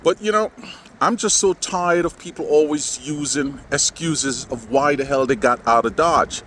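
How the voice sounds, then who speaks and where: A vlogger with a fairly high, bright voice and lively intonation talks at a moderate pace while recording a casual, sarcastic, rambling vlog outside. He often says "man," partly while driving around town on windy streets, with wind and passing cars audible throughout.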